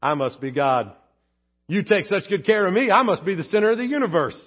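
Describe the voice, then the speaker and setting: A man's voice: high-pitched, very animated, fairly quick. A man voicing a smug, self-centered pet cat, speaking with self-satisfied airs, in a dull lo-fi sermon recording.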